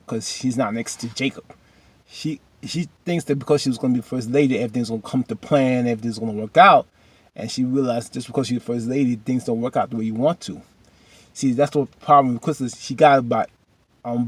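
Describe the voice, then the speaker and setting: A man's voice: mid-range voice, fairly even intonation, fairly quick, slightly rough, dry recording. A man casually recapping a drama episode, retelling scenes loosely with lots of fillers and asides, and at times talking straight to the characters in a preachy way.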